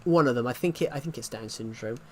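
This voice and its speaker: A man's voice: medium pitch, fast. A man chatting casually on a livestream, rambling and often restarting his sentences. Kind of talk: casual stream chat.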